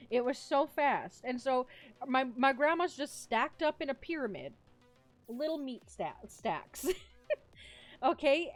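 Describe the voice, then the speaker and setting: A young woman streamer chatting casually with her live chat, telling a story in a giggly, animated, rambling way. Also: high-pitched. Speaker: vtuber streamer.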